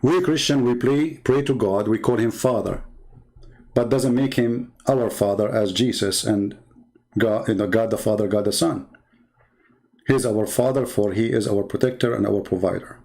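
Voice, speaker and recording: A livestream host with an Arabic accent reads viewer comments aloud, mocking and taunting them combatively, repeating himself and bursting into sudden high-pitched, scornful outbursts. His voice is gravelly and darkish at a moderate pace, and the recording is low quality.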